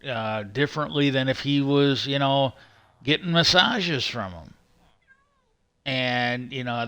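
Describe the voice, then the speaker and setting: A man hosting a livestream, talking in a casual, halting way, often restarting his sentences and swearing offhand. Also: medium pitch, bright, forceful tone, smooth. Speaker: livestream host. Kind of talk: casual rambling commentary.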